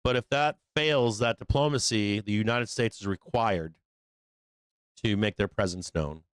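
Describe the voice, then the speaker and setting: Blunt, profane market-show host, smooth voice. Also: male voice, lowish voice, a little slow, no room sound. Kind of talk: casual market commentary.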